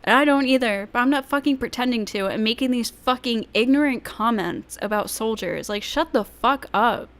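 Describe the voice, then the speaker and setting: Woman, streamer, higher-pitched voice, profane, blunt, ranting. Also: normal speed, few pauses, a bit bright. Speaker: streamer reacting to clips. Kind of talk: casual livestream commentary.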